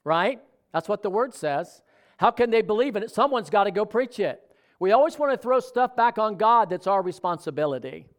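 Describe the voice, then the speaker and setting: Man, pastor, high voice, conversational sermon, asks the congregation questions. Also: lively intonation, normal speed.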